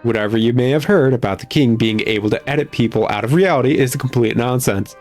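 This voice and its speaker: Man voicing a prim librarian lady, sweetly condescending, raised pitch, game. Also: fast, darkish tone, faint music behind, natural voice. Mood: insistent. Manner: prim, sweetly condescending, calls people dearie. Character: fussy middle-aged woman librarian, prim, secretive, easily rattled.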